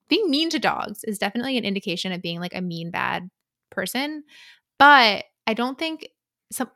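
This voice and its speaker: A young woman co-hosting a casual book podcast, chatty and eager to try out voices for the characters. Her voice is bright and forward. The sound is dry and close. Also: mid-range voice, very animated, normal speed, no room sound. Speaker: podcast co-host.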